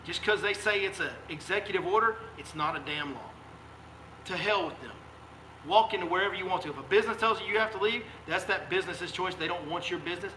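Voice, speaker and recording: A man's voice: high-pitched, quick pace, bright, forceful tone, a little hiss or hum. A man, a fishing guide hosting a live stream, delivering a fiery, emphatic rant full of repeated rhetorical questions. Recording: echoey room sound.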